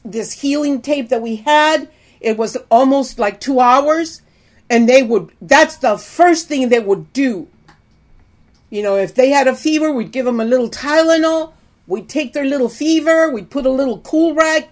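A middle-aged woman teaching a sermon to women, preachy, often calling out "amen?". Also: a little high. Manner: preachy, frequent call-outs of "amen?".

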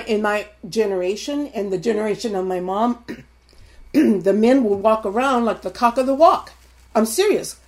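A woman in her sixties delivering a sermon in a fairly high voice. She drives her points home by repeating them and keeps calling out to her listeners directly. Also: darkish tone. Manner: emphatic, repetitive, addresses the congregation directly. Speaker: preacher.

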